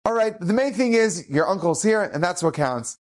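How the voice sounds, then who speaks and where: A man doing a gentle elderly rabbi. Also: high voice, expressive, normal speed, voice pushed up. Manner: soft, gentle.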